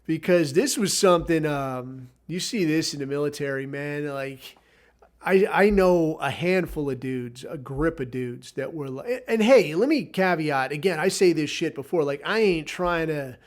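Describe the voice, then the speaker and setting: A man's voice: on the high side, a little slow. A man hosting a podcast, telling a rambling story in a casual, profane, sardonic way. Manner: rambling, heavy swearing, sardonic. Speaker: podcast host.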